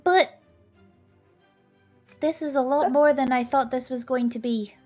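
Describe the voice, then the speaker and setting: A woman's voice: sits high, steady tone, a little slow, darkish tone, soft background music. A woman playing a tabletop game, speaking in character in an earnest, apologetic, stammering way. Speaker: player. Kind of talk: in-character tabletop role-play.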